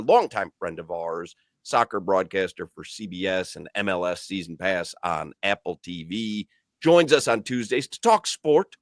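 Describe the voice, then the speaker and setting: A man's voice: medium pitch, no room sound, studio quality. A man hosting a sports talk radio show, bantering jokily and slipping into mock British phrases. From United States.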